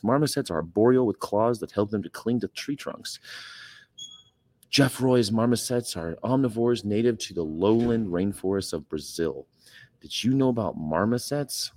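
Deep-voiced man chatting on a livestream. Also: dry recording. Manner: rambling, reads viewer comments aloud. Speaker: livestream host. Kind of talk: casual livestream chat.

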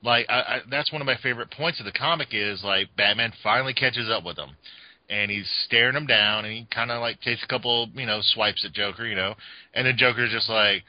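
A man's voice: fairly low pitch, fairly quick, dry recording. A man co-hosting a casual podcast, rambling along with many fillers and restarts. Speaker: podcast co-host. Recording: dull lo-fi dry sound.

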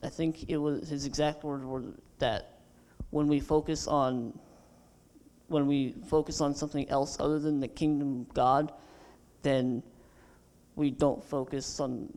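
A young man giving an earnest camp testimony. His voice sits a bit high and barely moves in pitch. It comes across smooth and clear. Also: steady tone, measured pace, darkish tone. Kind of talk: casual testimony.

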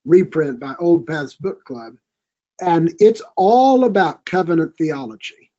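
A man's voice: on the high side, expressive, unhurried, mellow, lo-fi sound. A man speaking as a guest in a studio conversation, earnest and encouraging. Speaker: podcast guest. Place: recording studio.

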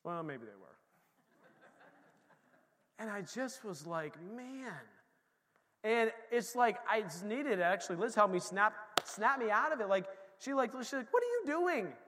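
A man preaching a sermon in a lively, conversational way, moving between quiet asides and emphatic points. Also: high voice, normal speed, a little hiss or hum. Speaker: pastor. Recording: long hall reverb.

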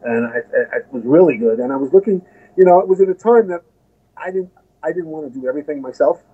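A man's voice: a little high, fast talker, breathy edge, narrow, tinny audio. An American man telling a long story as an interview guest, rambling with many restarts and asides. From United States. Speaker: guest musician.

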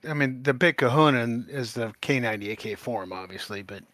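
A man speaking as a guest author in a casual interview, talking in a hesitant, halting way with many restarts. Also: mid-range voice, a bit bright, no room sound.

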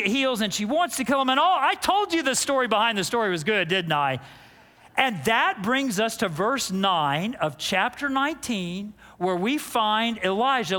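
A man preaching a sermon as pastor, telling the story with animated energy, acting out quotes and restarting words quickly. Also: high-pitched. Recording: long reverb of a large hall.

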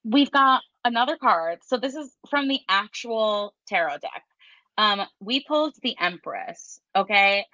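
A woman's voice: medium pitch, unhurried, dry recording. Give me a woman tarot reader telling stories animatedly, dry and close with a muffled, dull recording. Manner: animated storyteller, laughs often. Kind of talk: casual podcast chat. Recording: dull lo-fi sound.

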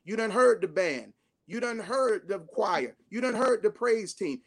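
A man preaching a sermon as bishop, swinging from loud rising shouts down to hushed slow phrases, with a Southern Black way of speaking. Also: high voice, lively intonation. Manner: call-and-response preaching, rising to shouts then dropping to hushed tones.

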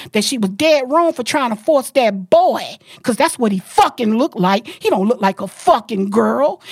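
A woman podcast host, delivering a loud, profane, forceful rant. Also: on the high side, no room sound, clean studio sound.

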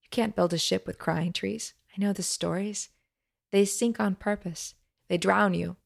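A woman's voice: mid-range voice, steady tone, unhurried, gravelly. A woman voicing a stubborn young rebel woman who speaks fiercely and defiantly. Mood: bitter.

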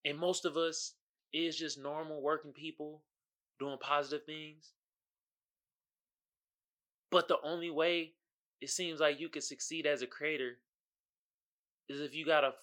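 A man's voice: a little high, a little slow, long pauses, a bit bright. A man hosting his own podcast, talking casually in slangy commentary and often asking "you feel me.". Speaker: podcast host.

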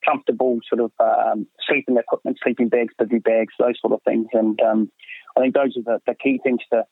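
A man's voice: mid-range voice, flat delivery, brisk, no echo. A middle-aged man, a hunting guide talking casually as a podcast guest, full of fillers and "mate". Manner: rambling, many fillers, says "mate" often. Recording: tinny phone line, dry.

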